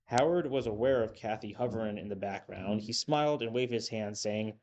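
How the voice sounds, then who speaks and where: A man reading a story aloud in a steady, measured narration. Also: on the low side. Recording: dull lo-fi with faint hiss.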